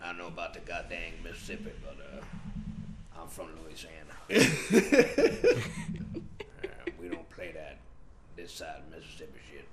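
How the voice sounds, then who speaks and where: A man's voice: low voice, wildly swooping pitch, unhurried, gravelly, long pauses, echoey room, voice pushed down, exaggerated voice. A man voicing a rowdy male southern moonshiner with a crude, boastful Southern US drawl.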